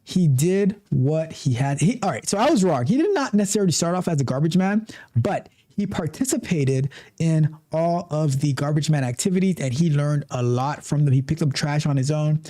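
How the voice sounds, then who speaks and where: A man with a mellow, warm voice hosts a livestream, reading an article aloud. He stumbles and restarts often and keeps breaking off into animated, chatty asides. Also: fairly high pitch, normal speed. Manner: animated asides, frequent restarts and repeated words. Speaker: livestream host.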